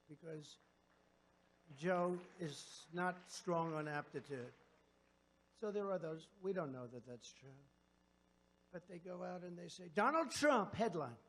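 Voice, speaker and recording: Sarcastic gravelly man speaking from a stage. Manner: sarcastic, swings from loud jabs to low asides. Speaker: politician addressing a convention. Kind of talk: rambling off-script rally speech. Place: large convention hall stage.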